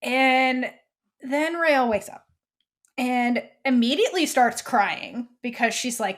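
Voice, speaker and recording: Woman podcast host recapping an episode, kinda high voice, chatty, lots of likes. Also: normal speed. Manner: animated retelling, quoting characters with many likes.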